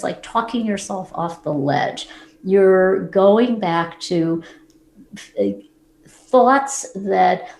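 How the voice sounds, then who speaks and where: A woman psychologist answering interview questions in an explanatory way, growing lively when she challenges a point. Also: fairly low pitch, creaky, roomy sound. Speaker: psychologist guest.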